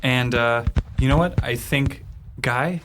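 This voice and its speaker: A man playing a tabletop game, speaking earnestly and slightly haltingly in character. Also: medium pitch, noisy background. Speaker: player. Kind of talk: tabletop role-play.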